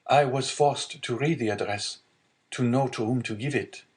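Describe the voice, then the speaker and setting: A man's voice: medium pitch, normal speed, voice pushed up, close to an everyday voice. A man reading an earnest young sailor.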